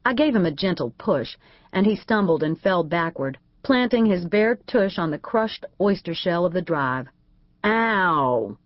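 A woman's voice: on the low side, normal speed, dry recording, dull audio. Wry woman narrating an audiobook. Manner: lively, wry storytelling. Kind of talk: first-person audiobook narration.

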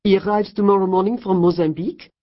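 A woman's voice: medium pitch, fairly even intonation, fast, muffled recording, voice pushed up, lightly acted. A woman voicing an imperious French woman in her late fifties, blunt and unimpressed, in an audiobook. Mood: haughty.

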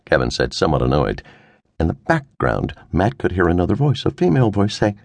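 A man narrating a detective audiobook in measured storytelling. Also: low voice, wildly swooping pitch, gravelly, no echo. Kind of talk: scripted narration.

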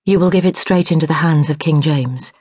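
A woman voicing a proud, commanding noblewoman who speaks in a brisk, imperious, sharp-tongued way. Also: sits low, breathy edge, no echo, studio quality.

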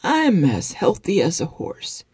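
A woman's voice: lowish voice, huge pitch swings, a little slow, a little mellow, breathy edge, no echo, studio quality, full character voice. A woman reading the part of an elderly, bedridden father who waves off his family's worry. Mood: stubborn reassuring.

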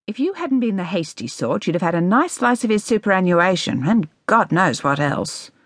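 A woman's voice: medium pitch, sing-song, moderate pace, no echo, studio quality. A woman voicing a stocky, bossy, argumentative older mother. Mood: scolding. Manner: scolding, dismissive.

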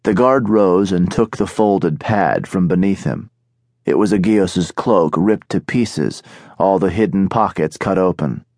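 A man narrating an audiobook in a steady, measured storytelling manner, recorded on a studio microphone. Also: low voice, no echo. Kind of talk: scripted narration.

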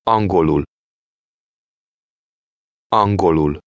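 A man's voice: deep voice, no room sound, dull audio. A man giving careful model pronunciation of single words and phrases for learners to repeat. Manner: careful, deliberate word-by-word delivery. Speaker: native-speaker model voice. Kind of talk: slow model pronunciation for repetition. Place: recording studio.

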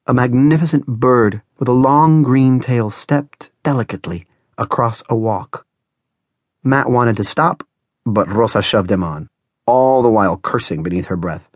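A man reading a novel aloud as audiobook narrator, in a measured, dramatic style. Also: mid-range voice, no room sound, studio quality. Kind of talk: scripted narration.

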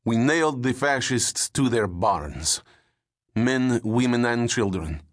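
A man voicing a boastful, brutal male Russian soldier in a gruff, swaggering way for an audiobook. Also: medium pitch, animated, slow, voice pushed up. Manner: gruff, boastful, shouting slogans.

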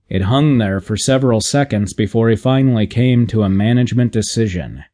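A man narrating a humorous audiobook in a measured, deadpan reading. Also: mid-range voice.

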